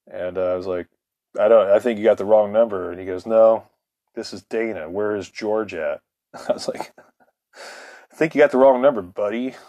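A man's voice: lowish voice, moderate pace, long pauses, mellow, no room sound. A man, the host, telling a long personal story in a casual, profane way, laughing often and acting out what others said. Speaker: podcast host.

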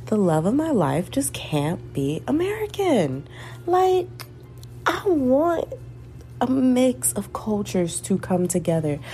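A woman's voice: fairly high pitch, huge pitch swings, takes it slowly, mellow, faint music behind. A young woman in her twenties with a Southern US accent, chatting alone in a candid, rambling way, swearing and laughing as she talks. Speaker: podcaster. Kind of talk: casual solo chat.

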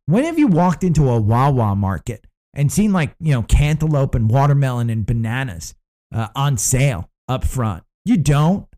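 Casting: American male market-show host, mellow tone, loose off-the-cuff delivery full of "uh"s and restarts. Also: mid-range voice, big pitch swings, moderate pace. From United States. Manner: rambling, frequent fillers and restarts. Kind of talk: casual market commentary.

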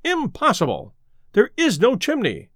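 A man's voice: extremely high pitch, huge pitch swings, a little slow, a bit bright, no room sound, clean studio sound, voice pushed up, exaggerated voice. A man voicing an irritable lawyer in an audiobook, speaking sharply and brusquely. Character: irritable middle-aged male lawyer, shaken.

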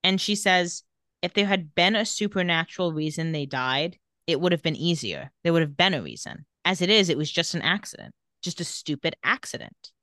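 A woman co-hosting a casual podcast, walking through the scenes of an episode and reading out the characters' lines as she goes. Her voice is bright and forceful, set a little low for a woman, and it sounds dry and close to the mic. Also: brisk, no echo. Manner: animated retelling with quoted dialogue. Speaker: podcast co-host recapping a TV episode. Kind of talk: casual chat, retelling scenes.

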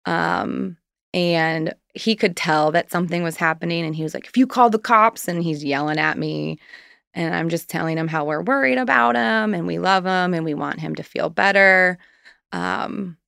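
Woman in her 30s, low gravelly voice, chatty and candid, dry close sound. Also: steady tone, moderate pace, fairly bright tone, no echo. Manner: candid, chatty, rambling storytelling. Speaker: guest. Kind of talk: personal story in conversation.

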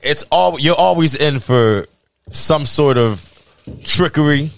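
A man's voice: on the high side, lively intonation, takes it slowly, creaky, no echo. Rambling man in a dry room. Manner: rambling, says "you know what I'm saying". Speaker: podcast co-host. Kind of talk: casual chat.

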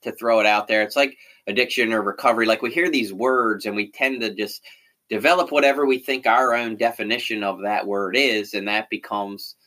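Bright-voiced man, candid and rambling. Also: lowish voice, fairly even intonation, a little fast. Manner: candid, frequent fillers and self-corrections. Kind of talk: casual conversation.

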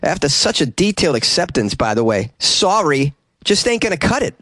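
A man voicing a broad Boston-accented news reader, reading in an animated, mock-indignant way from a small closet. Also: on the high side, moderate pace, no room sound.

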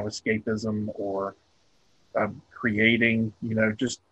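A man's voice: on the low side, breathy edge, no room sound, highs cut off. A man, a comic book artist being interviewed, talking casually and rambling with many ums and restarts.

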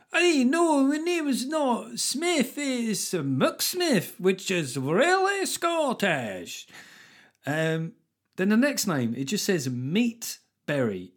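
A man hosting a comedy podcast alone, chatting casually and mocking things with plenty of swearing. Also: medium pitch. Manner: sweary, mocking, riffs between readouts. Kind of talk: casual solo podcast chat.

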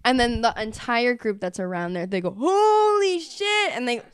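A woman's voice: on the high side, fairly quick, clean tone, no room sound, studio quality. A young woman, a resident assistant, telling a story dramatically in a casual podcast chat, playing up being indignant. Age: young adult.

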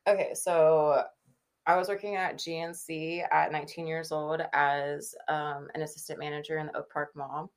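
A woman's voice: deep voice, flat delivery, moderate pace. A woman in her thirties from the Kansas City area, a podcast guest telling a casual story, chatty, laughing often and acting out the people she quotes. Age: 30s.

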